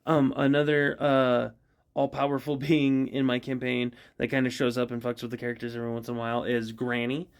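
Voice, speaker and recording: A man's voice: mid-range voice, level tone, brisk, vocal fry. A man vlogs about his tabletop characters in loose, casual chat, laughing often and stumbling through fillers. His voice sits in an ordinary middle range. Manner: rambling, giggly, lots of fillers. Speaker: voice actor vlogger.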